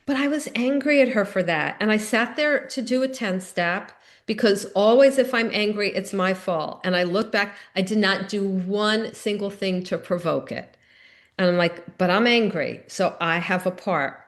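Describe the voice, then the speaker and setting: A woman's voice: medium pitch, normal speed. A middle-aged woman giving a recovery meeting talk, telling personal stories in an earnest, conversational way.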